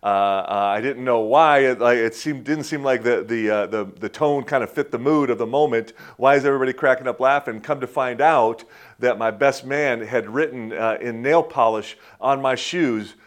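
A man's voice: medium pitch, normal speed. A man in his fifties preaching a conversational sermon, telling personal stories in a folksy way with many restarts and chuckles. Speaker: pastor.

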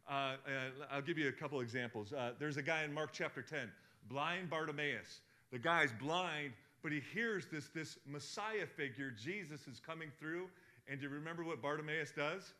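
Bright-voiced man preaching a sermon. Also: fairly high pitch, brisk. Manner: animated, swings from hushed to loud; asks the congregation questions. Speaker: pastor.

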